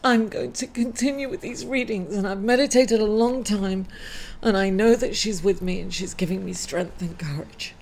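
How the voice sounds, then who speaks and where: A woman hosts her weekly astrology reading on her channel, emotional and grieving, hesitating with many fillers and apologies. Her mid-range voice is darkish in tone and moves at a moderate pace.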